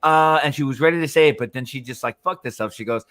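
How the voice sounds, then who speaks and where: A man's voice: mid-range voice, quick pace, fairly bright tone, no room sound, soft background music. A man co-hosting a live panel show in casual, profane, rambling chat, laughing often. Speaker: podcast co-host.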